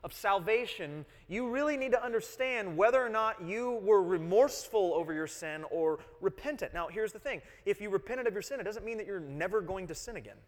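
A man's voice: high voice, animated, fairly quick, hardly any pauses. A man in his thirties preaching a sermon, earnest, explaining and repeating key phrases and putting questions to the congregation. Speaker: pastor. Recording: long hall reverb.

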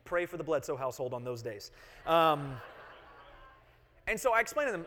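A man's voice: on the high side, expressive, a little fast, a bit bright, slight background noise. A man in his thirties preaching a sermon, earnest, explaining and repeating key phrases and putting questions to the congregation. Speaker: pastor. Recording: long hall reverb.

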